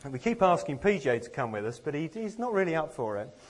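A man's voice: fairly high pitch, sing-song, fast. Earnest man preaching with rhetorical questions. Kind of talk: sermon.

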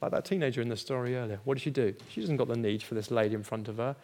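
A middle-aged male pastor delivers a sermon in a steady mid-range voice. He moves between teaching and personal anecdotes, acting out the dialogue and laughing at his own failings. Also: medium pitch, very fast. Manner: storytelling, acts out quoted dialogue, laughs at himself.

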